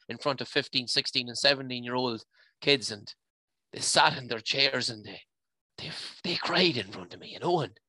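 Irish guy rambling away on a podcast, bright forceful voice, dead dry sound. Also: mid-range voice, no echo. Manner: rambling, restarts often, says "you know" a lot. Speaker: podcast guest, mountain adventure guide. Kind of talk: emotional conversational interview.

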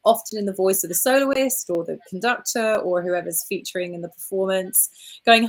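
An Australian woman, a founder, answering interview questions in an animated, storytelling way, acting out quotes and using fillers like "look" and "you know". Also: mid-range voice, normal speed. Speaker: orchestra founder, guest.

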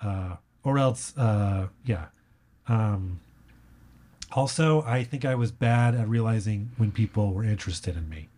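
Deadpan joking man. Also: on the low side, unhurried. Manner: deadpan, absurd riffing. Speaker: comedian guest. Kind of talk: casual podcast chat.

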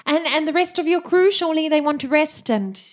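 A woman's voice: high-pitched, animated, fairly quick, voice pushed up. A woman voicing a cheerful, flirty woman who rows a boat over, with a gushing, bubbly manner in a tabletop game.

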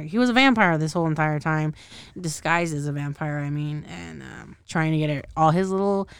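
Rambling woman with a low, smooth voice. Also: no echo. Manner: rambling, profane, laughs often; loses track of names and details. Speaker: podcast host. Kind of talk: casual show recap.

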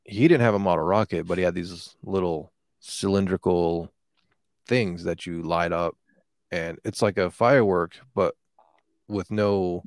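A man's voice: low voice, measured pace, dry recording, clean studio sound. A man in casual chat, telling a rambling, profane story with lots of fillers.

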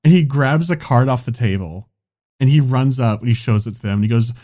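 Man, casual storyteller, rambling, profane, dark mellow tone. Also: mid-range voice, fairly quick. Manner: rambling anecdote with frequent "like" and swearing. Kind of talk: casual chat.

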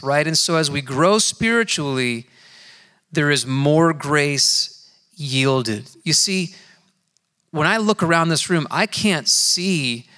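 Bright-voiced man preaching in a reverberant hall. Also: fairly high pitch. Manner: earnest, conversational storytelling with emphatic slow stresses. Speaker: pastor. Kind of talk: sermon with personal testimony. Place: church sanctuary.

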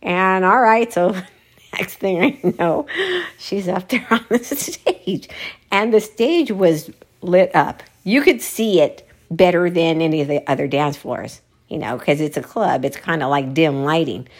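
A woman's voice: on the low side, unhurried. A woman telling a casual personal anecdote, often breaking into laughter mid-sentence as she tells it.

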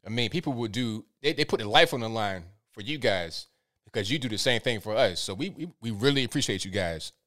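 A man's voice: lowish voice, a little fast. Male host on a call-in show, chill and supportive, calls everyone man. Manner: relaxed, supportive, says man often. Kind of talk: casual call-in talk.

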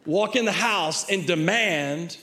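Middle-aged pastor guy preaching, slightly high voice, chatty, keeps restarting his sentences. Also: slow pace, sharp tone. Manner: conversational preaching with frequent repeated words and restarts; acts out a child's pleading voice in quotes. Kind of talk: sermon.

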